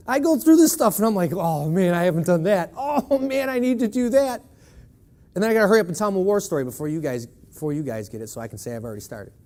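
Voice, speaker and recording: Man preaching in church, pitched high, emphatic and questioning the congregation. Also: a little mellow. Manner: emphatic, with rhetorical "right?" questions. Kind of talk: sermon.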